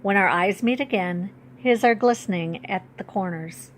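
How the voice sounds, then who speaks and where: A woman reads her own children's book aloud in an expressive storytelling voice of middle pitch, slowing for emphasis. Faint noise sits underneath her voice.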